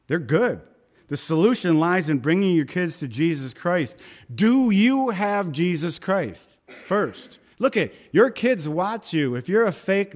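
A man preaching a sermon in a conversational, emphatic way, rising to pleading. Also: a little high. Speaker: pastor.

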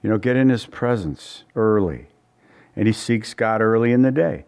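A man's voice: lowish voice, lively intonation, normal speed, gravelly, a little mellow, clear, resonant tone. A man preaching a conversational Bible-study sermon in a folksy way, often repeating words and asking his listeners questions.

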